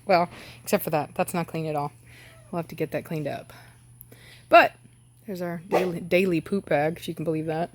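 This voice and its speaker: A woman's voice: fairly low pitch, steady tone, moderate pace, long pauses. A woman dog breeder chatting casually while doing outdoor chores, often cooing baby talk to her dogs.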